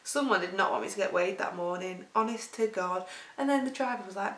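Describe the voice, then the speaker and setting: A weight-loss vlogger with a Lancashire accent rambles chattily through her stories, laughing as she goes, in a brisk, medium-pitched, fairly bright voice. The audio sounds roomy, with her set back from the mic.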